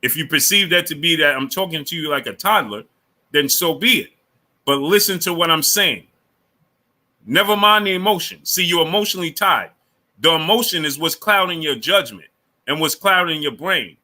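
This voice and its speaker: A man's voice: on the high side, animated, normal speed, pushed and bright. A man hosting a live boxing stream, lecturing a viewer, repeating himself and greeting chatters by name. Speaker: boxing channel host.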